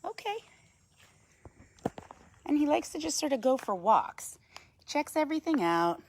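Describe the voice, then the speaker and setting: Lively woman guiding a live wildlife talk. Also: high-pitched, measured pace, pauses often. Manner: explains calmly to viewers, coos softly to the bird between. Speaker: wildlife educator. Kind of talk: live-streamed educational talk. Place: outdoors on a woodland path. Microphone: handheld phone.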